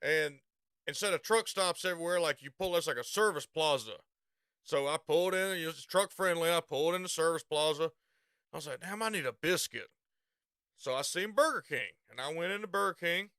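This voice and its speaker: Man, southern US accent, high pitch, rambling profane storytelling. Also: brisk, sharp tone, smooth, no echo, studio quality. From Southern United States. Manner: profane, rambling, laughs at his own story. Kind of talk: casual storytelling.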